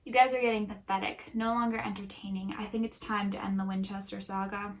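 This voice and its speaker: A woman reading as a male god villain, mocking and impatient, snapping at the heroes in frustration. His lines land a touch louder than the narration around them. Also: medium pitch, level tone, brisk, a little hiss or hum, natural voice. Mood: taunting.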